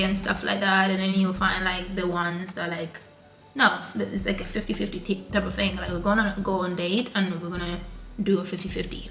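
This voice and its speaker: A woman's voice: medium pitch, sharp tone. A young woman, chatting casually in a vlog and rambling with lots of filler words. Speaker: vlogger.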